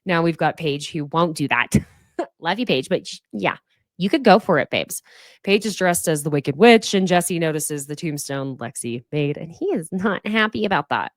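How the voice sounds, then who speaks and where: Woman podcast host, low-ish voice with lively swings, sarcastic and foul-mouthed, dry close mic. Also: normal speed, no room sound. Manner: sarcastic, swears freely, mocks cast members in put-on voices. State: fighting off sneezes. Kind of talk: casual reality TV recap.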